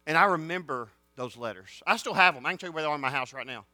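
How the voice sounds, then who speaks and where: A man preaching to students, rising to shouted excitement. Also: a little high, racing, dry recording, faint music behind. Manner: folksy, builds to shouted excitement. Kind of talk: sermon storytelling.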